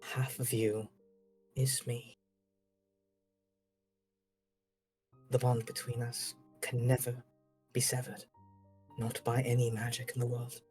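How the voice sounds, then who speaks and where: A game master playing a warm, loving mother reunited with her daughter, speaking softly and with emotion. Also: mid-range voice, a little slow, long pauses, faint music behind, natural voice. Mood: gentle. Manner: tender, hushed and emotional.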